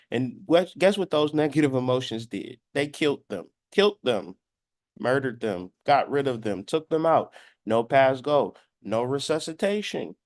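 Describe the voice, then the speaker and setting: A man's voice: medium pitch, no echo, clean studio sound. A man in his thirties giving a blunt, profane spiritual lecture, sometimes acting out quoted voices. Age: 30s. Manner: acts out quoted voices in dialogue. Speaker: spiritual astrology commentator. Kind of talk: preachy monologue.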